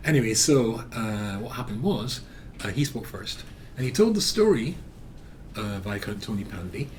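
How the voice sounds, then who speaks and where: Man, rabbi, lesson, storytelling, lively pitch, faint background noise. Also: moderate pace. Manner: animated storyteller with frequent fillers. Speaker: rabbi teaching a class.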